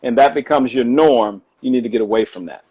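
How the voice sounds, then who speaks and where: A man talking casually on a live stream as a guest author, animated and quick to laugh, often repeating himself. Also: mid-range voice, slightly rough, dull audio. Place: home. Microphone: phone or video call.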